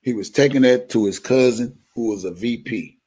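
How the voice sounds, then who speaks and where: Speaking directly to his viewers, a man hosting a live stream delivers a blunt rant laced with heavy swearing. His mid-range voice is mellow and slightly rough, at normal speed.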